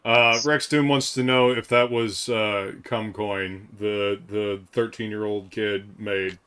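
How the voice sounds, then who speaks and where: A man's voice: on the low side, fairly even intonation, fairly bright tone, clean tone. A man reading out chat comments on a casual group livestream, hesitant, with lots of "uh". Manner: hesitant, fills pauses with "uh".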